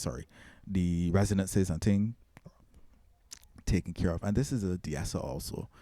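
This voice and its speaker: Deep mellow guy rambling thru a mixing tutorial, lots of you knows and restarts. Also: dry recording. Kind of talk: casual screen-recorded tutorial.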